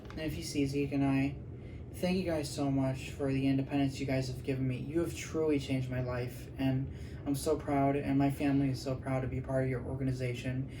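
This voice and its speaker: Earnest young-sounding man, mellow voice. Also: medium pitch, a little hiss or hum. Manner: halting, many fillers and restarts; earnest and grateful. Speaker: vlogger. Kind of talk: casual vlog talk.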